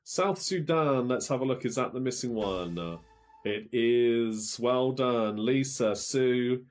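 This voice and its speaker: A man's voice: mid-range voice, slow pace, darkish tone. A man hosting a live-streamed quiz, chatting as he reads out viewers' guesses and checks them aloud. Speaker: quiz show host.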